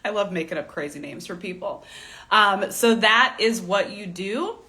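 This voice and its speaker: Bright, chatty woman stylist. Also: medium pitch, animated, moderate pace. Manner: chatty and candid, with frequent laughs and "like" fillers. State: fighting a tickle in the throat, coughing. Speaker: fashion stylist and coach. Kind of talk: casual livestream teaching.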